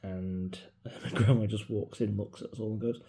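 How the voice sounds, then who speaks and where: Grieving man, low and mellow. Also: steady tone, normal speed. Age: 40s. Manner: rambling, reflective, grieving, drops into soft mutters. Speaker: vlogger. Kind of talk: casual personal vlog. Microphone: mobile phone.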